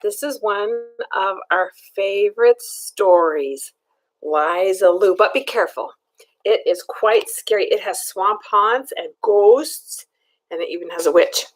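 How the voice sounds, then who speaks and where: An older woman storyteller reads a picture book aloud to children, animated and pausing to ask them questions. Her voice is medium-pitched and a little slow.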